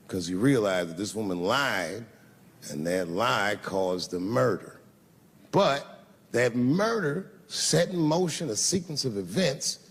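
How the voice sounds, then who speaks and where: A man's voice: mid-range voice, long reverb tail. A man doing a stand-up comedy set with a punchy delivery, acting out voices in his stories.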